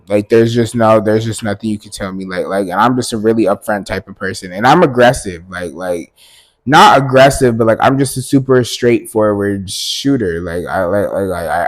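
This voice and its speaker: A man hosting his own podcast, talking bluntly in a casual rant. He swears often, piles up fillers and restarts, and his voice jumps up when he makes a point. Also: on the low side. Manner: blunt, profane, filler-heavy with sudden emphatic rises. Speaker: podcast host.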